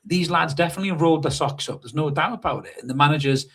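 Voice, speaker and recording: Husky-voiced sweary man chatting football. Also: a little high, fast. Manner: sweary, animated storytelling with mimicked shouts. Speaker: podcast co-host. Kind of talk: casual live fan chat. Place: hotel room. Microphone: remote call over hotel Wi-Fi.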